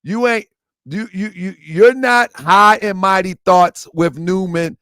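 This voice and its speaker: A man's voice: high voice, slow pace, bright, forceful tone, clear, resonant tone, no echo, studio quality. A man hosting his online show, talking in a rambling, repetitive way with lots of slang. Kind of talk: casual livestream talk.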